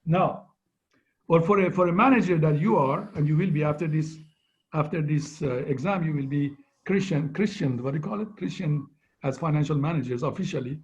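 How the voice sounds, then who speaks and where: A man's voice: fairly high pitch, fairly quick. Male lecturer on muffled call audio. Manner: conversational, keeps asking "right?". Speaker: finance lecturer. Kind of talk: online lecture review.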